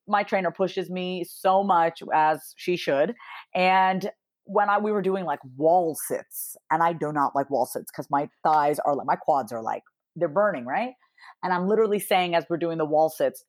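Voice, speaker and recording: A woman in her thirties talks as a podcast guest, animated and expressive. She acts out quoted dialogue with big jumps in pitch and swears casually as she tells her stories. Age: 30s. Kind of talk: casual interview chat.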